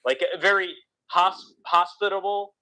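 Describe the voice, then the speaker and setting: A man's voice: high-pitched, steady tone, moderate pace, sharp tone, rough recording. East coast guy, slight philly accent, rambling podcast chat, lots of restarts. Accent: slight Philadelphia. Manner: rambling, restarts often, opinionated. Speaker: podcast co-host. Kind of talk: casual chat.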